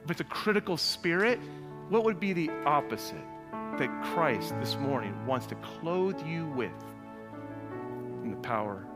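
A man's voice: on the high side, big pitch swings, a little slow, big-room sound, loud music behind the voice. A man preaching a sermon in a large church, telling stories and acting out the people he quotes in playful voices. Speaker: pastor.

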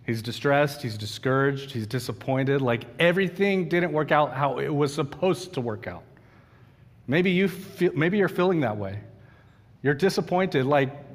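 A man's voice: mid-range voice, expressive, unhurried, in a large hall. A man preaching a sermon in a conversational way, asking his listeners questions and acting out the quotes he reads.

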